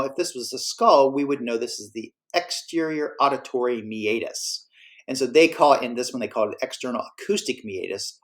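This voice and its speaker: A man teaching a class, explaining in a casual, self-correcting way. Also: medium pitch. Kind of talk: classroom lecture.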